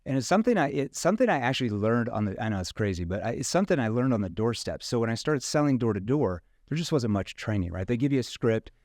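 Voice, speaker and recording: A man's voice: medium pitch, expressive, fast, few pauses, darkish tone, dry recording, studio quality. A man, a sales trainer guest, explaining his method in casual interview talk, dotting sentences with "you know" and "right?".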